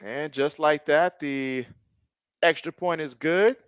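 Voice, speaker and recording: A man in his thirties hosting a casual live stream, calling football plays and reading viewer chat aloud, reacting loudly to big plays. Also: on the high side, slow, smooth, no echo, highs cut off. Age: 30s. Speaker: live-stream sports host.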